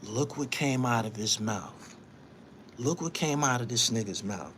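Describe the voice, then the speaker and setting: A man's voice: mid-range voice, expressive, a little slow, fairly bright tone, a little hiss or hum. A man hosting his own online show, delivering a heated live-stream monologue, emphatic and repetitive, scolding someone and invoking his faith.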